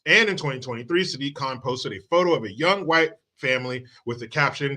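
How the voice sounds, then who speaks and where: Forceful, swearing male commentary host. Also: mid-range voice, brisk, hardly any pauses. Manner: heated, sarcastic, swearing. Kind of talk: profane political rant.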